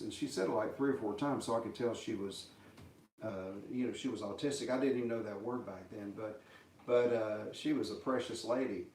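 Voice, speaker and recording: A man's voice: medium pitch, fairly even intonation, a little mellow. Folksy man in an echoey room. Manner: folksy, halting storyteller with many fillers. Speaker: guitarist telling a story. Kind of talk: casual storytelling livestream. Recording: echoey, distant room sound.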